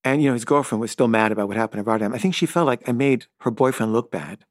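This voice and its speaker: Speaking fast in a mid-range voice, a middle-aged filmmaker rambles loosely through an offhand story, leaning on "like" and "kinda." When flustered he stumbles, stammering and repeating words. The sound is close and dry, with no room around it.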